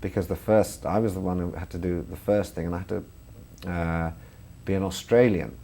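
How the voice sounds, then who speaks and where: A man's voice: deep voice, fairly even intonation, normal speed, vocal fry, mellow, slight background noise. A man, a comedian and filmmaker chatting in an interview and laughing through his stories. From England. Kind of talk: interview anecdotes.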